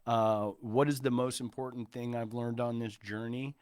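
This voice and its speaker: Casting: forties man, clear smooth voice, dry close mic, earnest advisor who restarts a lot. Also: medium pitch, little pitch movement, moderate pace, darkish tone, dry recording. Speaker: interview guest, entrepreneur. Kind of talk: casual interview talk.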